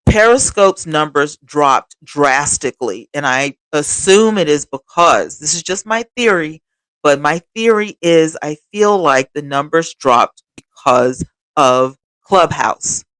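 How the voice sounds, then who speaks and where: Woman doing a casual live chat, super expressive, talks right to the viewers, dry close sound. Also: sits low, slow, no echo. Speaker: livestream host. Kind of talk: casual livestream chat reading viewer comments.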